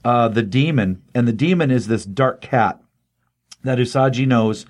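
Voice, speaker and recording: A man casually recapping a comic book story, lively, with quick voices for the characters he quotes. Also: mid-range voice.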